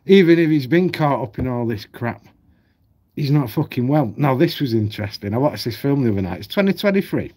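A man's voice: mid-range voice, animated, fairly quick, darkish tone, husky. A man ranting at home on his channel, blunt, heated and full of swearing. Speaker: vlogger. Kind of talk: ranting commentary.

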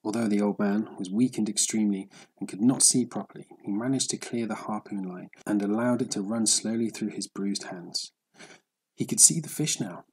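A man narrating a story in a steady, measured audiobook reading. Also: fairly low pitch, breathy edge, rough recording.

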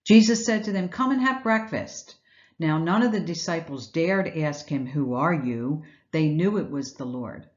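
Low-voiced woman giving a devotional talk. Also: moderate pace, hardly any pauses, darkish tone, lo-fi sound. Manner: earnest, reflective, asks rhetorical questions. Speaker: Bible teacher. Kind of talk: Easter devotional message.

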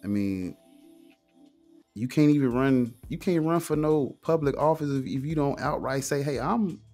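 A man's voice: medium pitch, normal speed, a little mellow, faint music behind. A man in casual conversation, talking emphatically and animatedly, often asking "you know what I'm saying". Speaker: guest, atheist streamer.

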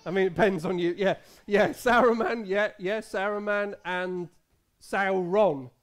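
A man's voice: sits high, fairly even intonation, measured pace. A man in his thirties, a pastor leading a playful quiz with children in a church service. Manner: playful, quizzing the children, many restarts and laughs. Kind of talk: family service talk with children. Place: church hall.

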